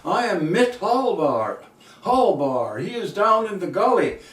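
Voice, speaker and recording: A man's voice: high-pitched, big pitch swings, a little slow, fairly bright tone, pitched above the performer's own voice, heavily acted. A man voicing an old German immigrant farmer with a heavy German accent and stiff, careful broken English, heard from a distant mic in an echoey room with faint accordion behind. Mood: excited.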